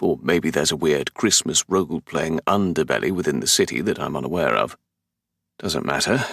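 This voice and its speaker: A man's voice: sits low, vocal fry, a bit bright, slightly rough, dry recording. A man with a London English accent narrating a romance audiobook in the first person, with a dry, sardonic, exasperated manner. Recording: dry close studio sound.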